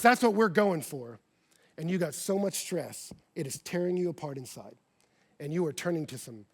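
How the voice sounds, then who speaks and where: Male pastor, high-pitched, animated storyteller, sermon delivery with big loud-to-quiet swings. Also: husky. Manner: animated, acts out quoted voices, swings from loud to hushed. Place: church stage before a congregation.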